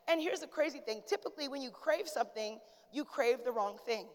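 A woman's voice: high voice, lively intonation, a little fast. A woman pastor preaching a sermon in a conversational, humorous way, calling out to the congregation. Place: church sanctuary. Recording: long church reverb.

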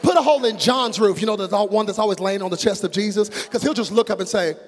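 A male preacher with a very high, husky voice delivers a lively sermon, dropping low for storytelling and then shouting. His words carry a long reverb in a large church hall. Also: fast talker. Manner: animated, swings between hushed storytelling and shouting.

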